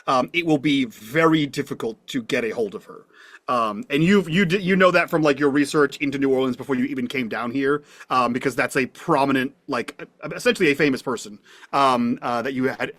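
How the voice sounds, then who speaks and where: A man's voice: mid-range voice, a bit bright, no room sound. A man working as game master, describing the scene and its characters in a rambling way with lots of fillers. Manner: rambling, full of fillers and restarts. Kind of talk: narrating a tabletop game.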